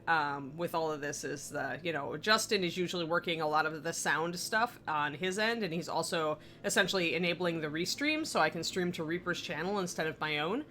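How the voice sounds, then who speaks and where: A sleepy woman with a lowish, somewhat bright voice chats casually while livestreaming her miniature painting from a home streaming room. She rambles and laughs often, and there's a little hiss or hum.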